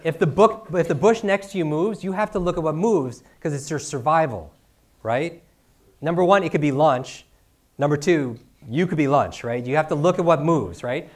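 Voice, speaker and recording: A middle-aged man teaching a seminar to a live audience, firing off rhetorical questions and tagging lines with "right?". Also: fairly high pitch. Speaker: speaker teaching speed reading. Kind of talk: energetic live seminar talk.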